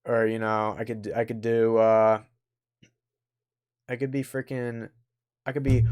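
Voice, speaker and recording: A man's voice: on the low side, little pitch movement, a little slow, long pauses, a little mellow, clear, resonant tone, dry recording, studio quality. Chatty young male game streamer. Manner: chatty, joking, talks to himself and chat. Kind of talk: casual livestream chat while playing.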